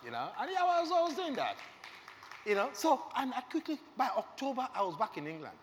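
Earnest preacher with lively swings. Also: male voice, very high-pitched, a little fast. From Nigeria. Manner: earnest, emotional storytelling, asks the audience questions. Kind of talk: sermon testimony. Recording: reverberant hall with faint background noise.

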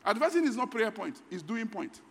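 A Nigerian man in middle age preaching a sermon, his voice pitched very high and swinging widely up and down. He moves from soft asides to shouted emphasis, and a long reverb trails behind him in the church hall. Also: sing-song, fast talker, vocal fry. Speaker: pastor.

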